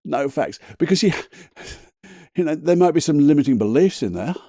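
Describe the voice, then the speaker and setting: A man's voice: a little high, lively intonation, normal speed, warm tone, breathy edge, no echo, clean studio sound. A man hosting a solo motivational podcast, talking in a chatty, emphatic way, swearing casually and laughing at himself. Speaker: podcast host.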